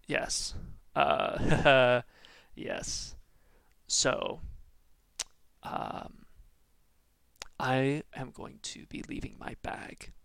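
A man narrating a tabletop game as game master, hesitant and halting. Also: medium pitch, huge pitch swings, creaky, a bit bright, clear, resonant tone, no echo. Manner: hesitant, lots of fillers and restarts.

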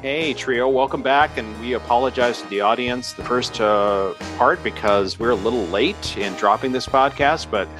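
A man's voice: medium pitch, normal speed, hardly any pauses, music in the background. A man hosting a local podcast, opening the show and asking his co-hosts friendly questions in a casual chat. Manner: friendly, asks the others questions. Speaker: podcast host.

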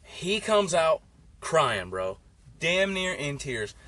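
A man's voice: on the high side, sing-song, slow pace, bright, forceful tone. A young man telling stories in a casual, profane, rambling way, full of "like". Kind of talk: casual storytelling chat. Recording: faint background noise.

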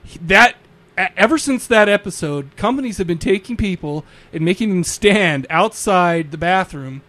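A podcast co-host with a high voice for a man, bantering playfully with his partner. He teases, laughs easily and keeps the chat casual. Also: expressive, normal speed, fairly bright tone, no room sound. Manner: playful teasing, laughs often.

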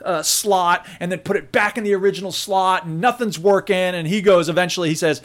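High-voiced animated male podcast host. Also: brisk. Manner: animated storyteller, mimics the people he quotes. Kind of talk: casual chat, storytelling.

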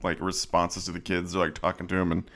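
A man co-hosting a movie podcast in casual chat, with wry, sarcastic asides that often trail off quietly. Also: low-pitched, monotone, fast. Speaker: podcast co-host.

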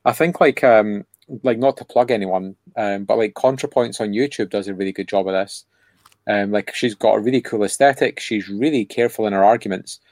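A man's voice: fairly low pitch, a little fast, a little mellow, no room sound. A man co-hosting a casual podcast, rambling and sardonic, with lots of filler words. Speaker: podcast co-host.

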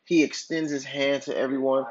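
Brief: male podcast host, slightly husky voice, casual rambling monologue, muffled low-fi recording. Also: little pitch movement, moderate pace. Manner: rambling, filler-heavy storytelling with many "like"s and restarts. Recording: dull lo-fi recording.

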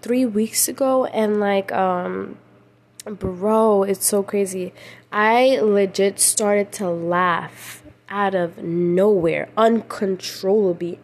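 A woman's voice: medium pitch, a little mellow. A young woman hosting a casual faith podcast late at night, tired and emotional, rambling with slang and many restarts. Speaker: podcast host.

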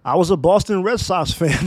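A man's voice: on the high side, a little mellow, dry recording. A man in his thirties from Maryland hosting a solo podcast, talking in a blunt, profane, emphatic way. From Maryland, USA. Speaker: podcast host. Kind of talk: opinionated solo podcast monologue.

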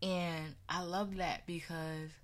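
A woman's voice: lowish voice, little pitch movement, takes it slowly. A young woman sharing her personal faith story in an earnest, conversational way, with many casual fillers.

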